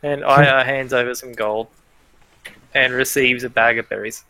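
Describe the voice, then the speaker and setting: A man with a bright, forceful voice runs a tabletop game, easygoing and chatty. The sound is dry and close, with no room around it. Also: mid-range voice, fairly even intonation, a little slow, no room sound, low-quality recording. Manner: easygoing, chatty, laughs often. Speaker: game master.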